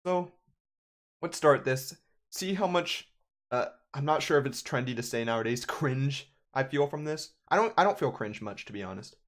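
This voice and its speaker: A man's voice: medium pitch, lively intonation, normal speed, fairly bright tone. A young man in his twenties, a gaming YouTuber, ranting in casual, sarcastic commentary.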